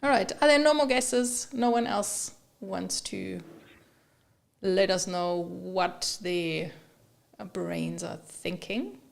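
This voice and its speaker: A woman co-hosting a photography live stream, chatting casually with viewers and her co-host, with many fillers and pauses. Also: lowish voice, very animated, gravelly.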